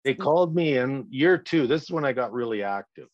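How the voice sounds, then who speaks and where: A man's voice: mid-range voice, expressive, brisk, no echo. An older man telling a story as a podcast guest, blunt, indignant and swearing freely. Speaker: guest, father of a murder victim. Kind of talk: impassioned storytelling in a podcast interview. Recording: dull lo-fi dry recording.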